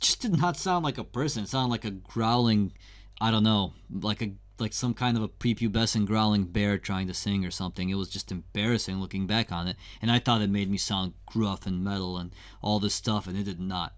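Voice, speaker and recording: A man's voice: fairly low pitch, fairly quick. A young adult man giving a casual, candid singing lesson in a conversational, slangy way. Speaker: singing teacher.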